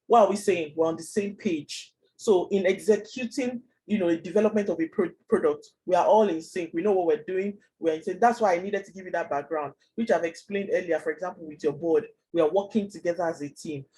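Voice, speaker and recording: A man teaching a Scrum class online, explaining fast and chatty with many fillers. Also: sits high, dark tone, a little hiss or hum, low-quality recording. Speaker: Scrum trainer.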